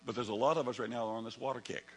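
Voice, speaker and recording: Man, pastor, sermon, husky voice, bright tone, lively storytelling, hum in the background. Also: mid-range voice, very fast, rough recording. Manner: animated storytelling, acts out his own past voice.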